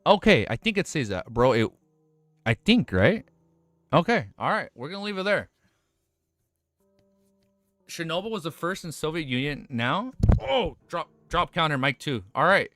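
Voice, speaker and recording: A young man streaming live, reacting excitedly with lots of swearing and laughing at himself. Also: a little high, no room sound. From United States.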